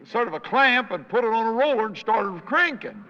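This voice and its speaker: An older man with a hoarse voice, a traveling evangelist telling folksy stories in a sermon and acting out the people he quotes. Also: extremely high pitch, very animated, normal speed. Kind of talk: anecdotal sermon storytelling with jokes. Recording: reverberant hall, dull lo-fi sound.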